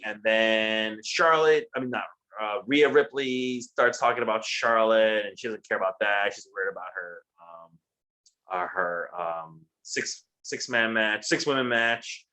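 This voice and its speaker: A man's voice: medium pitch, moderate pace, bright, forceful tone. A man co-hosting a casual show, recapping wrestling in a profane, rambling way. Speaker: podcast co-host.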